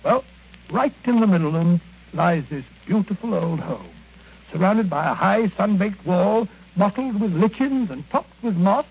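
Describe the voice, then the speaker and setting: An actor playing a genial, earnest doctor companion who talks with a flustered, hesitant manner, in 1940s radio acting style. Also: male voice, high-pitched, lively intonation, moderate pace, gravelly, husky, heavily acted. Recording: tinny narrow-band old radio recording.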